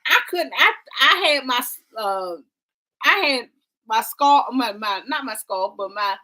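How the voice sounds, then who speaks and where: Female vlog co-host, dramatic storyteller, bright tone. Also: fairly high pitch, measured pace. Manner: animated, dramatic storytelling with y'all and quoted voices. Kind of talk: casual travel storytelling.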